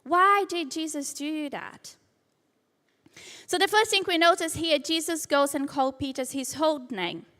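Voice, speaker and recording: A woman's voice: sits high, a little slow, pushed and bright, in a large hall. A woman preaching a sermon in a church, retelling a scripture story with acted-out quotes. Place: church hall.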